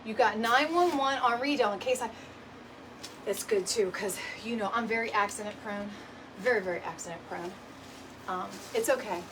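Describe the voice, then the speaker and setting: A middle-aged woman with a fairly high voice talks at a moderate pace during her live DIY decor video, chatty and quick to laugh. Her crafting chat is sprinkled with "y'all" and "right?", picked up by a distant mic along with room noise.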